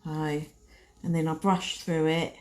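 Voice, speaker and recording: Slow-talking woman doing nail art. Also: deep voice, little pitch movement, soft background music. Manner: chatty, talks to herself while working. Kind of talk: casual step-by-step tutorial.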